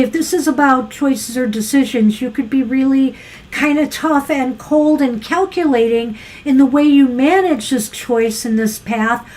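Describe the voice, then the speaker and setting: A woman's voice: high voice, low-quality recording. A woman co-hosting a live tarot show, musing through a casual card reading with frequent fillers. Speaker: tarot reader co-host.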